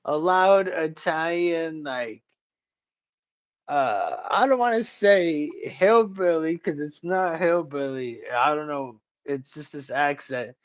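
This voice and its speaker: A man's voice: on the high side, takes it slowly. Slangy, rambling male livestream host. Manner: slangy, rambling, calls listeners bro and dude. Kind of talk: casual chat.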